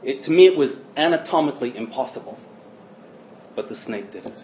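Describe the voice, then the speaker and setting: A man preaching a sermon in a church hall, who swings between loud stresses and quiet asides. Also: medium pitch, animated, brisk, slight background noise. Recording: roomy, dull lo-fi sermon recording.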